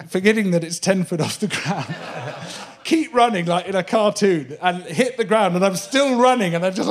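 A man, a guest on a live interview show on a theatre stage, telling an animated anecdote with many restarts and laughs. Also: sits high, moderate pace. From Britain. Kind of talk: live comedy-podcast interview, storytelling.

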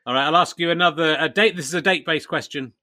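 A man's voice: a little high, quick pace, bright, forceful tone. A man with an English accent hosting a comedy podcast, playfully asking absurd questions. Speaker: podcast host. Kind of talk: casual podcast chat.

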